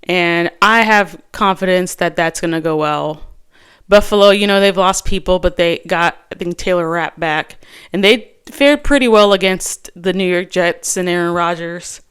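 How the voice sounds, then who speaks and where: Chatting casually on her own, a woman host talks through her fantasy football picks. Her voice is lowish, a bit bright, and clean, at normal speed, and she rambles with many fillers and restarts.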